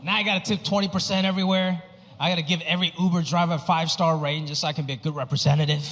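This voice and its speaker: High-pitched man doing stand-up in a hall. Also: very fast. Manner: animated, acts out other people with big pitch jumps. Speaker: stand-up comedian. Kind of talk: stand-up comedy set. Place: comedy stage before a live audience. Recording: live hall reverb with crowd noise.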